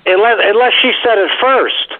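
A man's voice: sits high, normal speed. A man giving blunt dating advice on the radio, wisecracking and acting out bits of dialogue. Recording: tinny phone line.

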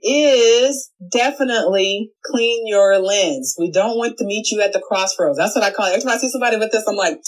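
A young adult woman talks straight into her phone camera from a home office, giving casual tips in a chatty, animated way. She jumps between quick asides and little playful voices, keeping it loose and friendly. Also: medium pitch, low-quality recording. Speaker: social media video coach.

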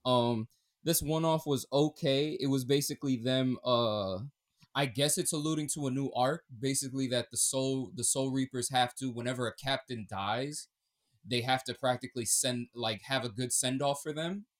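A man co-hosting a casual podcast, talking in an animated, profane way that swings between loud bursts and mumbled asides. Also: medium pitch, normal speed. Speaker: podcast co-host.

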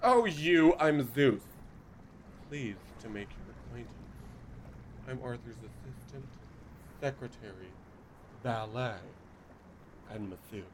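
Man voicing a shy valet, soft, slow, a bit far off, noisy. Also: medium pitch, lively intonation. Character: meek male assistant and valet.

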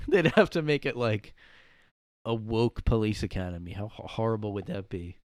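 A man's voice: on the low side, lively intonation, normal speed, dry recording, clean studio sound. A man hosting his own podcast, riffing jokey bits in a casual comedic monologue. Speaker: podcast host. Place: his room.

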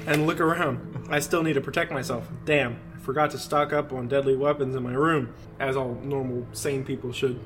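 A man's voice: medium pitch, fairly even intonation, moderate pace, hardly any pauses, music in the background. A man co-hosting a podcast, reading a creepy story aloud and breaking off to laugh and joke. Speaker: podcast co-host.

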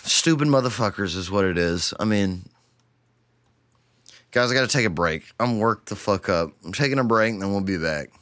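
A man's voice: lowish voice, lively intonation, moderate pace, a bit bright. Profane ranting man, podcast host. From Texas. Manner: profane, heated ranting that cools to a weary murmur.

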